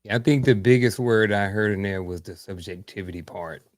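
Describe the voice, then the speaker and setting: A man's voice: on the low side, fairly quick, dry recording, clean studio sound. A man from Virginia putting a long, rambling question to a coach in a casual discussion. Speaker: participant asking the coach.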